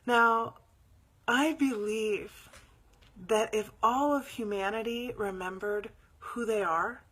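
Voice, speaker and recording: A woman hosting a live spiritual show, telling a story in a chatty, animated way and sometimes dropping to near whispers before leading a meditation. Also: mid-range voice, measured pace, breathy edge.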